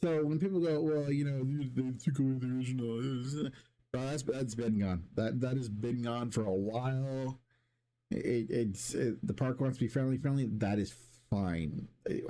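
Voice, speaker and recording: A man's voice: mid-range voice, normal speed, warm tone. A man streaming and talking casually to his chat, rambling with many restarts and casual swearing.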